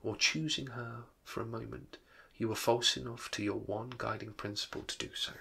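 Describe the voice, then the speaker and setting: A man reading the part of a gentle, sorrowful young woman who is ending her engagement, in a soft, hushed voice. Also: medium pitch, steady tone, moderate pace, vocal fry, slightly rough, heavily acted. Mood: sad, gentle. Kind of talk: dramatic reading of a novel.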